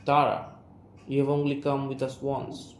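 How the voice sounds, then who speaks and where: A young man with an Indian English accent voicing a sharp, resentful young woman as he reads a play aloud, speaking her name and the stage directions too. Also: mid-range voice, monotone, a little slow, natural voice. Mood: bitter. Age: young adult. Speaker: student reader. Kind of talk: reading an audio play aloud. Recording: roomy room, faint hiss.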